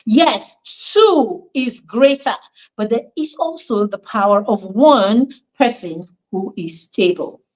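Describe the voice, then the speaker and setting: A woman's voice: fairly high pitch, expressive, slow pace, a little mellow, rough recording. A woman giving an online parenting class as the coach, talking emphatically, repeating her points and putting questions to the parents listening.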